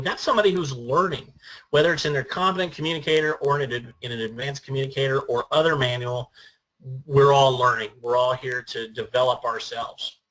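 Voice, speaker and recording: A man's voice: on the high side, pushed and bright, lo-fi sound. A man giving an instructional talk as a speech trainer, earnest and methodical, laying out his points by number.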